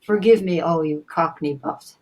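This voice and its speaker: An older woman, a voice actress being interviewed, telling stories in a theatrical, animated way with frequent restarts. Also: on the low side, normal speed. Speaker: guest voice actor. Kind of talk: casual interview storytelling.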